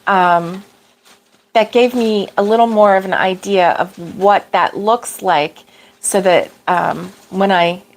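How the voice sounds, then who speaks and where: A woman's voice: mid-range voice, takes it slowly. A middle-aged woman hosting a casual livestream, rambling through a story with fillers and laughs, fighting off allergy sneezes. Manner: rambling, chatty, laughs often, greets viewers by name. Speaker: crochet livestream host. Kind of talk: casual chat.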